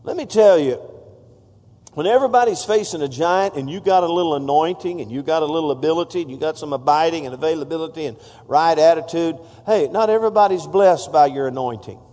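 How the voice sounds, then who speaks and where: A man's voice: fairly high pitch, expressive, quick pace, mellow, in a large hall. A man preaching a sermon, exhorting the congregation with call-outs. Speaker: pastor.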